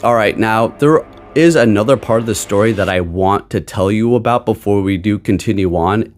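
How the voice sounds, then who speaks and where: A man's voice: on the low side, darkish tone. A young man ranting in a casual vlog, rambling and sarcastic, often restarting his sentences. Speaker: gaming YouTuber. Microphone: desk microphone.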